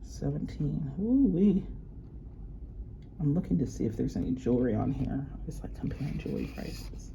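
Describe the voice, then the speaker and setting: Excitable woman, low-set voice that swings high, casual unboxing chat, faint hiss. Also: normal speed. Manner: gushing, excitable gasps and exclamations. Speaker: luxury unboxing vlogger.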